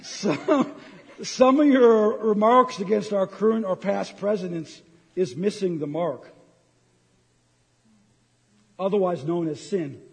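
Middle-aged male preacher, fired-up and joking, high voice, echoing sanctuary. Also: slow, creaky, pauses often. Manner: impassioned, ranting, jokey. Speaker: pastor. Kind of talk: sermon. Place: church sanctuary. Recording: long hall reverb.

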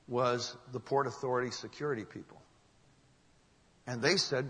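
Male preacher, bright and forceful, earnest storyteller, long hall reverb. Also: mid-range voice, normal speed. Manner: earnest, emphatic, drops to a hush for solemn moments. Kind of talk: sermon storytelling.

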